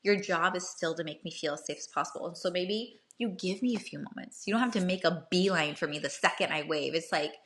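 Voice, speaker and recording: A woman's voice: on the low side, fairly quick, hardly any pauses. A young woman hosting casual dating advice talk for a live audience, chatty, often checking in with "right?" and acting out short bits of dialogue.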